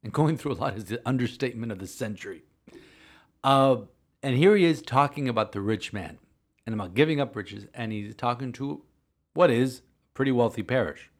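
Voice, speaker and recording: A man, a priest co-hosting a podcast, telling a story earnestly in halting sentences full of restarts. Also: medium pitch. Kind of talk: casual podcast chat.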